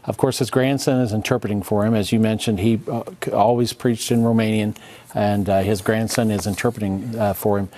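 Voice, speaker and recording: A man co-hosting a talk show, explaining with halting speech and many fillers. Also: medium pitch, warm tone. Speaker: co-host. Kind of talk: casual chat.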